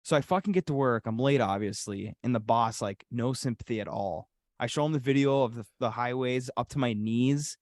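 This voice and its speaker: A young man with an Upper Peninsula Michigan accent, co-hosting a casual podcast and telling a story with lively energy. He swears freely. His voice sits in a middle register and sounds dry and close to the mic. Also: mid-range voice, fairly quick, dry recording. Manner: animated, heavy swearing. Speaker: podcast co-host.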